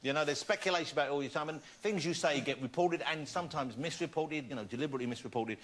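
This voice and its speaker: A man's voice: a little high, very fast. A man interviewing a band, teasing and laughing as he asks playful questions. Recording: loud crowd and noise.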